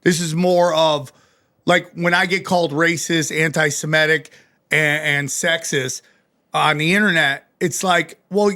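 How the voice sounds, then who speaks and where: A man with a notably high voice hosts a casual podcast, ranting with animated, profane energy. He keeps acting out both sides of imagined exchanges. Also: measured pace. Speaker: podcast host.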